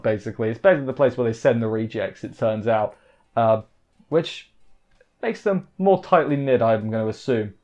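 A man's voice: mid-range voice, darkish tone, highs cut off. A man giving a rambling, casual anime episode recap on a live stream, full of jokey asides. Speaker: anime reviewer.

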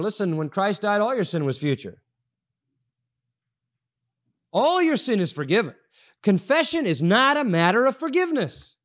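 High-voiced emphatic male preacher. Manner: emphatic preaching, repeats key phrases for stress. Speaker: pastor. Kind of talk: sermon. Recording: audio-only sermon recording.

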